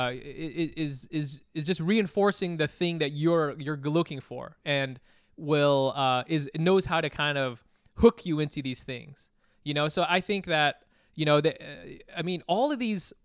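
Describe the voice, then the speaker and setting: A Vietnamese-American man in casual podcast chat who talks in restarts, swears and gets louder as he argues. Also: on the high side, smooth, no room sound, studio quality. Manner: animated, laughing, swearing, restarts.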